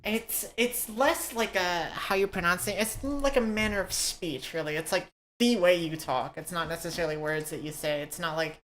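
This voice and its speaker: A woman's voice: on the low side, moderate pace, hardly any pauses, slight background noise. Swearing, rambling woman podcast host. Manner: rambling, swears freely, many restarts. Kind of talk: casual podcast chat.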